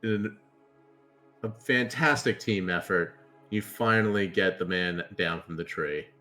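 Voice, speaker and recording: A man's voice: sits low, measured pace, sharp tone, faint music behind. A man running a tabletop horror game as game master, narrating in a loose, chatty way.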